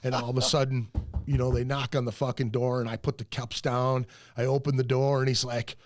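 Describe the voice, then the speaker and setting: A man's voice: mid-range voice, little pitch movement, fairly quick, slight background noise. A man hosting a podcast, telling long, profane, rambling stories in a casual chat. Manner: profane, rambling anecdotes with acted-out quotes. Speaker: podcast host.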